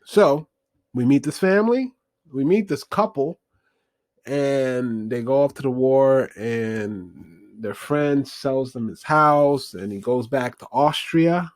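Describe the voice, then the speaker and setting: A man's voice: medium pitch, animated, takes it slowly, no echo. Rambling man recapping a film. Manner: rambling, many fillers, wry asides. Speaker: movie review host.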